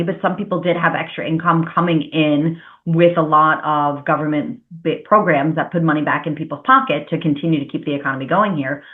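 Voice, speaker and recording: A woman hosting a podcast interview, talking in long, rambling, hedging turns. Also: low voice. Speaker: podcast host. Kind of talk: casual interview chat. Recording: tinny phone-like line.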